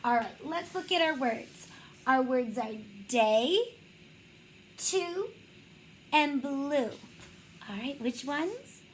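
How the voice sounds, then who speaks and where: A woman teacher reading a picture book aloud to young children, slow and encouraging, praising them often. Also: sits high, expressive, a little hiss or hum, rough recording.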